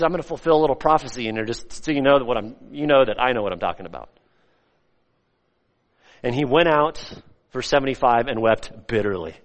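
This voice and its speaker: A male pastor with a mid-range voice preaches a sermon, alternating between loud, rising emphasis and soft, hushed lines. A long hall reverb surrounds the recording.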